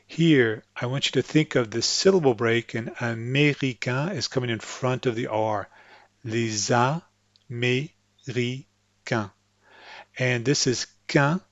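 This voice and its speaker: A man teaching French pronunciation to English speakers, patiently explaining tongue placement and slowly repeating example words. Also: medium pitch, dry recording, dull audio. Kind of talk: instructional explanation with spoken examples.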